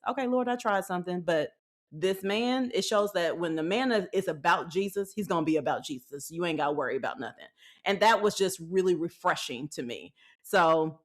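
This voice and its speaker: A woman in her thirties hosting a podcast, giving frank faith-based dating advice in a folksy, animated way, acting out what people said. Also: medium pitch. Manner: animated storytelling with acted-out quotes; folksy, frank, laughs often. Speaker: podcast host.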